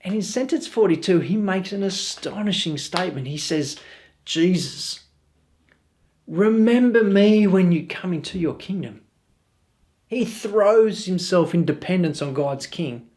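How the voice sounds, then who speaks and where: A man's voice: high-pitched, lively intonation, a little slow, darkish tone. A middle-aged man with an Australian accent, preaching a sermon in an earnest, storytelling way. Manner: earnest, storytelling with quoted voices. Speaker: pastor.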